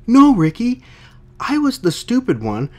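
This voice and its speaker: A man voicing a distraught woman counselor in a high, strained falsetto as he reads a comic aloud. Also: huge pitch swings, a little slow, a little mellow, heavily acted. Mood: hurt, pleading.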